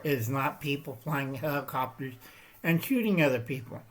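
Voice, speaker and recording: A man's voice: a little high, animated, moderate pace. A man hosting his own channel, talking through a rambling, emphatic political commentary monologue, often checking in with "Okay?" and "All right?". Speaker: channel host.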